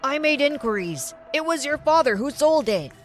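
A furious male pawn shop owner hurls loud accusations in a storybook reading, voiced by a woman narrator. The voice stays high and pushed loud. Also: expressive, normal speed, faint music behind. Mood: accusing.

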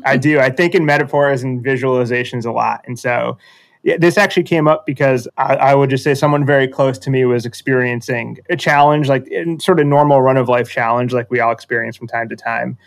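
A man's voice: mid-range voice, fairly even intonation, a little fast, creaky. A man telling a metaphorical story in a casual conversation, reflective and self-deprecating, often restarting sentences.

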